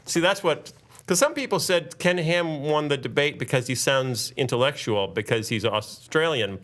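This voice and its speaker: A man's voice: on the high side, moderate pace. A man hosting a podcast in casual, jokey chat. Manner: jokey, animated. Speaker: podcast host.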